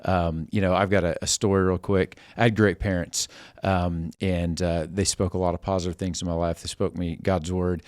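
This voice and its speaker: A man's voice: deep voice, level tone, moderate pace, few pauses, darkish tone, no echo, studio quality. A man hosting a casual chat, talking in a conversational, affirming way. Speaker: host.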